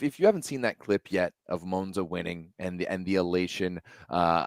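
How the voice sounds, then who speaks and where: A man's voice: fairly low pitch, no echo, studio quality. A man hosting a casual livestreamed sports chat, rambling with many fillers and self-corrections. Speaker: show host. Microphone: laptop webcam livestream.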